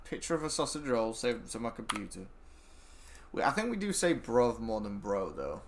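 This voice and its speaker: A man, a game streamer chatting casually and rambling excitably, swearing freely as he talks to friends while he plays. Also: medium pitch, moderate pace, vocal fry, slight background noise. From England. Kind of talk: casual chat while gaming.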